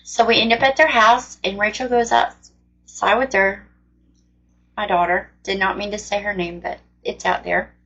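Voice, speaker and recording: A woman shares her personal faith testimony in an earnest, rambling, conversational way. Her voice sits at an ordinary pitch and comes through a dull, lo-fi recording. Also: steady tone, moderate pace, vocal fry, a bit bright. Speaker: faith storyteller. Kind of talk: personal testimony, casual storytelling.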